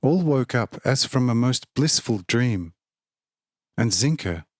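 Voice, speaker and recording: Male narrator with a steady, formal reading style and a mid-range voice, recorded dry and close. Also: medium pitch, slow pace, no room sound. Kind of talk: scripted audiobook narration.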